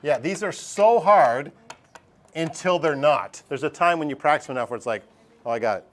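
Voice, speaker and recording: A man teaching a math class, lively and joking as he talks straight to his students in a classroom. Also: a little high, normal speed. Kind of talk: classroom lesson.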